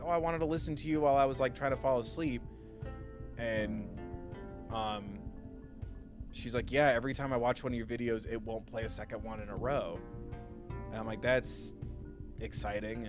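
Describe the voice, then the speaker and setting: A male gaming streamer chatting casually during a live stream, venting with frustration and frequent swearing. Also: mid-range voice. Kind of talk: casual live gameplay chat. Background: game music.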